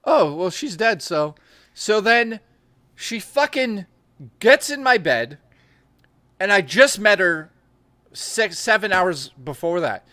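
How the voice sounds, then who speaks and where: Man, bright tense voice, crude animated storyteller, dry close sound. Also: high-pitched, slow, long pauses, dry recording. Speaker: stream co-host. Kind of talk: casual chat.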